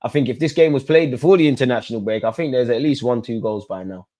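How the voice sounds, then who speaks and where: Young guy doing a footy watch-along, chatty, cheeky, shouting at players. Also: mid-range voice, quick pace. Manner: animated, banter-filled, talks straight to players and chat. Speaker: football watch-along host. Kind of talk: casual live match commentary and chat.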